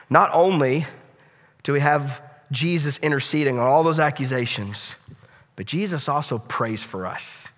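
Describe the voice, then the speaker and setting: A male pastor preaching a sermon with passion, swinging from loud appeals to hushed, quiet lines. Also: mid-range voice, expressive, normal speed, in a large hall.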